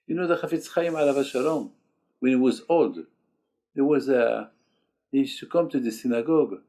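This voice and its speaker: A man's voice: medium pitch, moderate pace, dark tone. An older man preaching a sermon as a rabbi, emphatic and repetitive, in broken English peppered with Hebrew terms. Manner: emphatic, repeats key phrases, sprinkled with Hebrew terms; speaks English as a second language, broken grammar.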